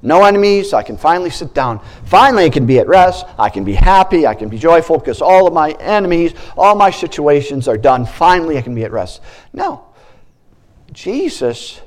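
Brief: male pastor delivering a sermon, animated with playful asides and a wide-ranging voice. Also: fairly high pitch, brisk.

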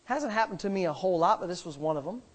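A man's voice: high-pitched, animated, fast. A middle-aged male pastor telling a story in a sermon, speaking emphatically and rambling, with frequent restarts.

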